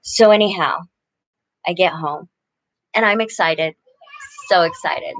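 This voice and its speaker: A woman's voice: on the low side, a little slow, dry recording. Middle-aged woman rambling to her viewers live, earnest, gushy, dry close sound. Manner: earnest, gushing, rambling with restarts. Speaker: livestream host. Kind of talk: casual live chat with viewers.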